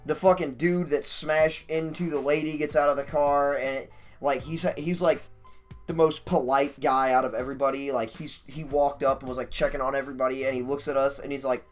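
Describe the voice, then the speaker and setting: A man streaming, telling a story casually in a profane, animated, rambling way. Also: medium pitch, a little fast, soft background music.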